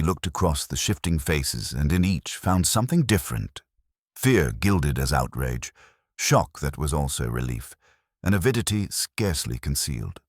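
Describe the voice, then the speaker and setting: A male narrator tells a period mystery in measured, literary storytelling. His voice is extremely deep and husky, with a lively, expressive melody. It is recorded close and dry, with no room sound. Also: no room sound. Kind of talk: scripted audiobook narration.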